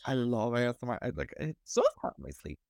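A man's voice: medium pitch, big pitch swings, fairly quick, vocal fry, darkish tone, no room sound, clean studio sound. A man from Britain co-hosting a podcast, chatting casually and bluntly, swearing freely. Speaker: podcast co-host. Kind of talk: casual chat.

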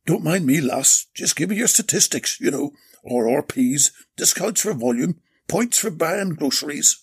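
A man voicing a blunt male shop owner with a gravelly voice. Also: a little high, expressive, normal speed, full character voice. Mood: grumbling. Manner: blunt, matter-of-fact.

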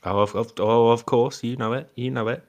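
A man's voice: medium pitch, steady tone, brisk. A man co-hosting a podcast in casual chat, rambling playfully with lots of fillers and restarts. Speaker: podcast co-host.

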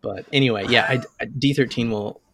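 A man co-hosting a podcast, telling stories in a casual, animated way with lots of restarts and laughs. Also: medium pitch, brisk, gravelly, no room sound, clean studio sound. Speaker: podcast co-host. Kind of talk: casual chat.

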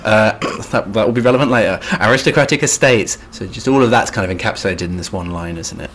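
A man's voice: on the low side, fast talker, fairly bright tone, slight background noise. A man co-hosting a literature podcast, giving background in a dry, understated chat with wry asides. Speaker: podcast co-host.

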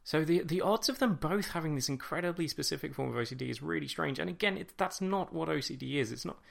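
A man's voice: fairly high pitch, animated, fast, vocal fry. A man giving casual, chatty commentary on a TV episode, swearing freely and laughing often.

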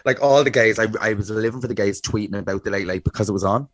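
Animated camp Irish man, dry sound. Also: fast, dry recording. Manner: camp, animated, loud high-pitched mock quotes. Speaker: podcast co-host. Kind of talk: casual gossip chat.

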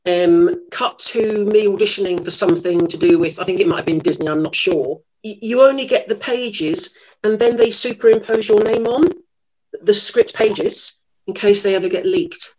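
A middle-aged woman, a lively, self-mocking actress telling stories in an interview. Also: medium pitch, normal speed, poor audio. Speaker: actress guest. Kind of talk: anecdotal interview storytelling.

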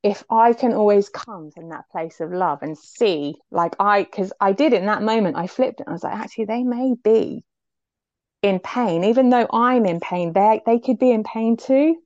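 A woman's voice: medium pitch, moderate pace, a little mellow, no echo, dull audio. A woman, telling a personal story as an interview guest, heartfelt and reflective.

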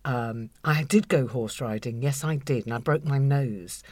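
A woman's voice: very deep voice, unhurried, warm tone, dry recording. A woman co-hosting a casual studio chat, bawdy and playful, laughing often. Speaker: podcast co-host.

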